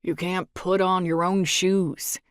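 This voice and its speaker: A woman voicing a blunt, resentful young man with a slow Texas drawl and a cold, low delivery. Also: flat delivery, clear, resonant tone, no room sound, clean studio sound.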